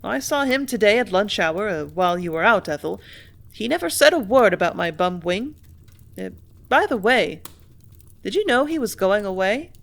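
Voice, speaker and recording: A woman voicing a cheerful, earnest young clerk in an audiobook reading, a touch louder and higher than her narration. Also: big pitch swings, normal speed, gravelly. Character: cheerful young man, left-handed clerk.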